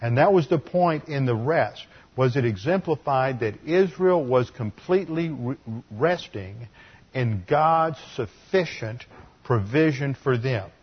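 Male pastor mid-sermon, earnest teacher with dry humor, husky tone, muffled lo-fi sound. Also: medium pitch, expressive, unhurried. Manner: earnest teaching with wry asides. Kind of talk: expository sermon.

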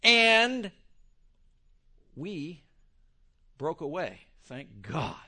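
High-voiced, lively preacher man. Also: extremely slow. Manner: rambling, joking asides. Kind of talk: sermon. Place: church in Texas.

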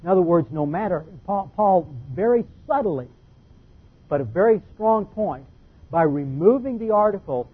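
A man's voice: sits high, lively intonation, moderate pace, breathy edge. A man giving an expository Bible lesson, explaining word meanings methodically and stressing key points. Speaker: Bible teacher. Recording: tinny phone-like sound.

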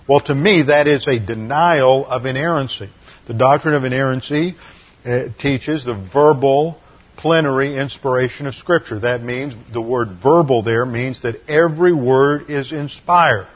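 A man's voice: mid-range voice, normal speed, dull audio. A man teaching a sermon lecture on scripture, explaining word meanings methodically and often restarting his sentences. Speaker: Bible teacher.

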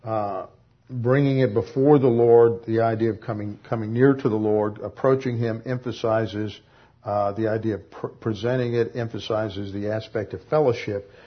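A man giving an expository Bible lesson, measured and explanatory, pausing often with "uh" and correcting himself as he reads verses aloud. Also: lowish voice, fairly even intonation, muffled recording. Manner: measured, with frequent "uh" pauses and self-corrections. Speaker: Bible teacher.

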